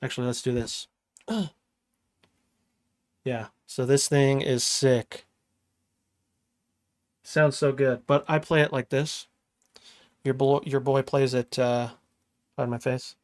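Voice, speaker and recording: A young man chatting casually on a livestream as he makes music, slangy and relaxed, often laughing. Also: mid-range voice, slow, pauses often, no room sound, clean studio sound. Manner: laid-back, slangy, laughs often, talks while working. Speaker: music producer streaming. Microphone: studio microphone.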